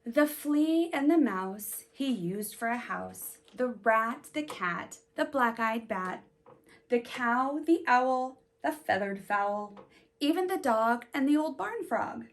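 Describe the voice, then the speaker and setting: A woman reads a picture book aloud to children in a lively, sing-song voice that swoops up and down. Her voice sits a little high, and she takes her time, pausing to ask her young listeners questions. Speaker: storybook reader.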